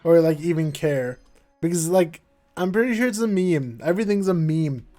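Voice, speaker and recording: A man's voice: a little high, moderate pace, dark tone, faint music behind. A young American man streaming live, chatting casually and rambling with lots of "like" and self-mocking jokes.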